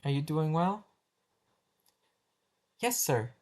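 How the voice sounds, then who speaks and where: A man voices a first-grade teacher taking roll call in amateur animation voice acting, his voice a little high, very animated and darkish in tone, at a slow pace. The teacher is patient but flustered, stumbling over words, restarting sentences and repeatedly apologizing.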